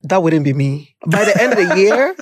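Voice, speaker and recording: A husky-voiced host whose pitch jumps around a lot in a casual interview chat. They talk expressively, with quick asides, and the voice sounds close and dry. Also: animated, dry recording.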